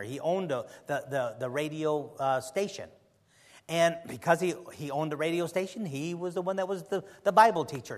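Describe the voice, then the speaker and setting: A preacher with a high voice gives a conversational sermon. He is emphatic at times and often drifts into rambling asides. A long hall reverb hangs on his words.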